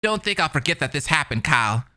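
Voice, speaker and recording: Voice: medium pitch, sing-song, fast, sharp tone, clean tone. Someone doing a smug, callous boy. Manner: smug, mocking.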